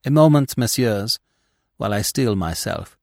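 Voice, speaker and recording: A man's voice: fairly low pitch, expressive, normal speed, darkish tone, no echo, clean studio sound. A man reading aloud, voicing a proud and dignified widow in a storybook mystery. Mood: resolute. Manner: dignified, emotional. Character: proud, resolute grieving older widow.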